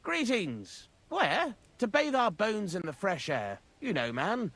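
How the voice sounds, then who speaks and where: An actor playing a rough, cheerful miner in a video game, talking in thick miners' slang. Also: male voice, sits high, huge pitch swings, takes it slowly, a bit bright, heavily acted.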